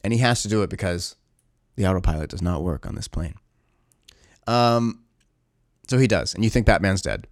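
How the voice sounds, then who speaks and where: Man, low voice, dry recording, casual movie recap, rambling, sarcastic. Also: no room sound. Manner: rambling, sarcastic, lots of fillers. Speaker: movie reviewer.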